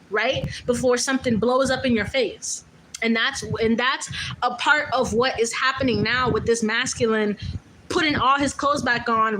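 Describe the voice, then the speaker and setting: A woman's voice: high-pitched, bright, forceful tone, slight background noise, low-quality recording. A woman doing a casual tarot reading, talking bluntly and loosely, with profanity and many fillers. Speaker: tarot reader.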